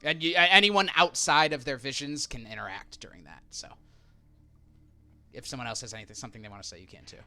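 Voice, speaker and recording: A man's voice: medium pitch, sharp tone. A man narrating as dungeon master, describing scenes and prompting players. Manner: brisk, plain narration with asides to players. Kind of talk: narrating a tabletop game.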